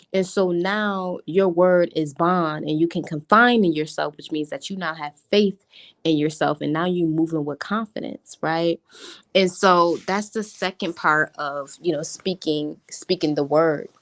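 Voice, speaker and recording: A young adult woman coaching on a live stream, talking in an animated way and leaning hard on positive words. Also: fairly low pitch. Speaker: life coach.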